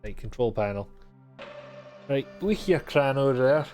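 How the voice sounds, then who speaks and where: Male streamer, casual gameplay talk, swearing, sarcastic, exasperated, mid-pitched voice, faint music underneath. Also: animated, unhurried, a little mellow. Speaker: game streamer. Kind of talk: live gameplay commentary.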